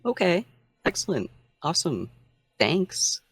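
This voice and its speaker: A man playing a tabletop role-playing game, talking quick, casual and offhand. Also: sits high, huge pitch swings, a bit bright, husky. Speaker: player.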